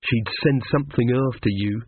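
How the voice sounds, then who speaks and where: Frightened young woman in a storybook reading, played by a man, raised voice, husky, tinny lo-fi sound. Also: medium pitch, moderate pace, dry recording, lightly acted. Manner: anxious, hushed. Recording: tinny phone-like dry sound.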